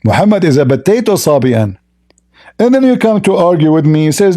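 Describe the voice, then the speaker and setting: Scornful man with a dark, mellow voice. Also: fairly high pitch, animated, fairly quick. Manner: mocking, scornful, repeats rhetorical questions. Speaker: religious debate host. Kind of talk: combative religious debate monologue.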